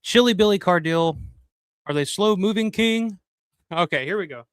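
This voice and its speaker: A man's voice: high-pitched, normal speed, clean tone, no room sound, studio quality. A middle-aged man hosting a live stream, chatting loosely and profanely while thanking viewers by name. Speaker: livestream host. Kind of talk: casual live-stream chat.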